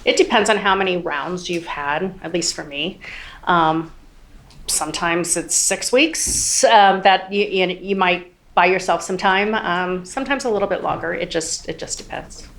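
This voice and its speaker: A woman in her forties testifies from the witness stand in a courtroom. Her voice sits low with a gravelly fry, and she talks haltingly with many ums, close to tears. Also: a bit bright. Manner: hesitant, many ums, quotes others. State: near tears. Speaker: trial witness.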